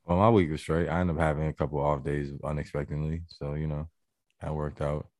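A man's voice: extremely low pitch, flat delivery, brisk, a little mellow, no room sound, studio quality. A man co-hosting a casual chat, laid-back and rambling. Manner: laid-back, rambling, laughs between thoughts.

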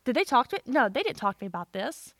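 A woman co-hosting a podcast in casual chat, telling a story with animated quoted voices and frequent laughter. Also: fairly high pitch, rapid-fire, no echo. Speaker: podcast co-host.

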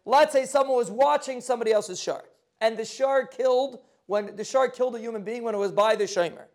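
A man leads a Talmud lesson. He reads the Aramaic text aloud and explains it in quick, casual sprinkled with terms. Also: very high voice. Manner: quick explanatory, translating Aramaic text into English with yeshiva phrasing. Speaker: Talmud teacher. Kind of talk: daf yomi Talmud lesson.

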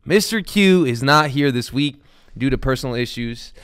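A man's voice: medium pitch, expressive, moderate pace, a bit bright, smooth. A young man hosting a fantasy football show, rambling casually and swearing now and then. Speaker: podcast host.

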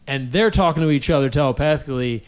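A man's voice: on the high side, fast talker, smooth. A young man co-hosting a podcast, telling a story in casual chat and acting out quotes while laughing at his own jokes. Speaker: podcast co-host.

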